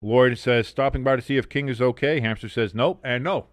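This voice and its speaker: A mid-pitched man calls a football game on a casual livestream, trading sardonic, profane jokes with his chat between plays. He is close to the mic in a dry room. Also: brisk, no echo. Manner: sardonic, swears a lot, reads chat aloud. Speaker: sports stream host. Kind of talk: casual watch-along commentary.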